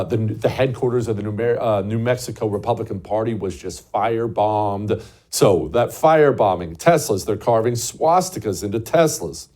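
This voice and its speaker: A man's voice: on the low side, dark tone. A man hosting a show, delivering a scornful, emphatic political commentary monologue full of rhetorical questions. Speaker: show host.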